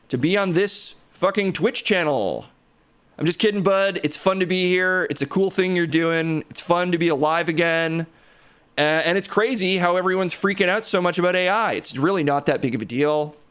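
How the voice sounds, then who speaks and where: Brash undead billionaire hero, a man puts him on, cocky and crude, pitched a little high. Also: normal speed, a bit bright. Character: brash reanimated male superhero tech genius, boastful. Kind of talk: improvised comedy impression.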